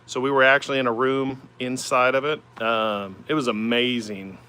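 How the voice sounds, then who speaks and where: This mid-range male voice stays steady at a moderate pace, bright and forceful yet smooth. It belongs to an Oklahoma-accented woodturner in his forties, casually fielding livestream comments from beside the lathe in his home shop with a rambling, easygoing flow of "man" and "uh."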